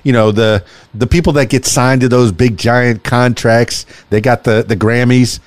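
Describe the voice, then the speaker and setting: A man's voice: mid-range voice, fairly even intonation, normal speed, no room sound. A man hosting a podcast interview, talking in a folksy, rambling way and repeating words. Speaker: podcast host. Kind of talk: casual interview chat.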